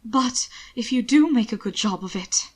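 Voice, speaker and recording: A woman voicing a calm, defiant young man who speaks firmly and reassuringly. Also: on the high side, moderate pace, slightly rough. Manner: placid, firm and reassuring.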